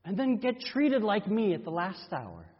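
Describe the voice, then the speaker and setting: A male pastor delivering a first-person dramatic sermon, telling the story in an expressive, animated way. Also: high-pitched, measured pace, breathy edge. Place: church sanctuary. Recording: dull reverberant church recording.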